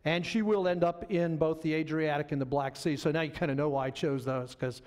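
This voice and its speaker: A man's voice: on the high side, steady tone, a little fast, darkish tone. A middle-aged man giving a history lecture in a loose, conversational way, with fillers and asides to the audience. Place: lecture hall.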